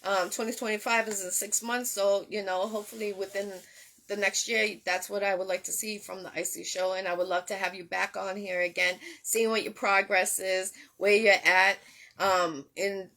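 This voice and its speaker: A woman's voice: mid-range voice, fairly even intonation, moderate pace, pushed and bright, poor audio. A woman hosting a casual interview, encouraging and upbeat with her guest. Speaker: show host.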